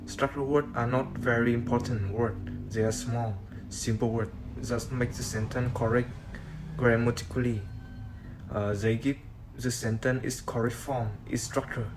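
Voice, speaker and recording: A man's voice: medium pitch, steady tone, music in the background, low-quality recording. Hesitant man reading a class presentation. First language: Vietnamese. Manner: halting, with frequent "uh" fillers. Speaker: student presenter.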